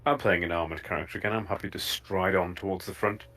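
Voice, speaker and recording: Male player, very deep voice, solemn in-character delivery, music faint behind. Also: fairly even intonation, fast, fairly bright tone. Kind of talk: tabletop role-play.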